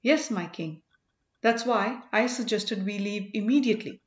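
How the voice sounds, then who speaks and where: A woman's voice: medium pitch, measured pace, lightly acted. A woman voicing a loyal male servant who answers with deferential respect, in a roomy, dull recording. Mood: dutiful.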